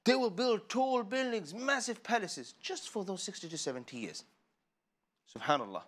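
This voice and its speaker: A man teaching children about the Qur'an, playful and animated, asking questions and laughing often. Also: high voice, moderate pace. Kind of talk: lively lesson for children. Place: studio.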